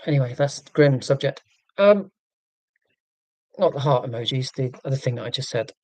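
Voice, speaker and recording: A man's voice: medium pitch, lively intonation, normal speed, a little mellow, no echo. A man from England hosting a live stream, chatting in a rambling, self-deprecating, joking way. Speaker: livestream host.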